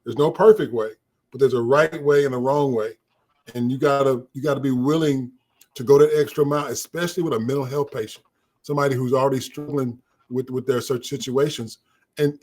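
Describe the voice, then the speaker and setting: A man who used to be a police officer, telling stories from the job in a casual chat and acting out the people in them. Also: medium pitch. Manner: animated storyteller, plays the people in his stories. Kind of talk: casual storytelling in conversation.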